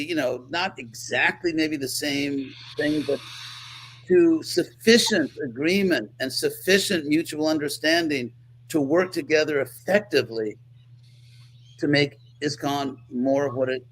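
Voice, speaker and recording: Male interview guest, thoughtful and earnest, slightly high voice, faint background hiss. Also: unhurried, poor audio. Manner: earnest, restarts his sentences often. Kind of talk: reflective conversational interview.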